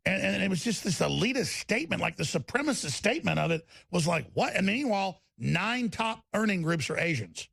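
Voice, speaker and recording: Brief: emphatic male host, wildly swinging pitch, dry studio sound. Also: sing-song, a little fast, vocal fry, hardly any pauses, a bit bright, breathy edge, dry recording. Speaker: talk show host. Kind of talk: political talk show interview.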